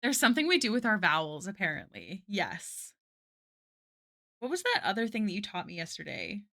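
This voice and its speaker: Bright-voiced chatty woman streamer. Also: mid-range voice, big pitch swings, normal speed. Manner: chatty, answers chat, many "like" fillers. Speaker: art streamer. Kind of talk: casual live-stream chat while drawing.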